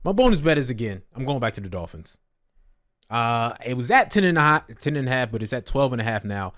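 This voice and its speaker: Male betting-show host, mid-pitch, dry close sound, easygoing and quick to laugh. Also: very animated, fairly bright tone, no echo. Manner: laughs often, moves the show along. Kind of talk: casual sports betting chat.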